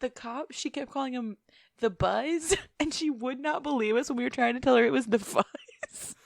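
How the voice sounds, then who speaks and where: A young woman co-hosts a casual podcast chat with a gravelly, fry-tinged voice. She giggles her way through stories. The recording is close and dry, with no room sound. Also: high voice, moderate pace, no echo. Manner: giggly, laughs often while telling stories. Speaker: podcast co-host.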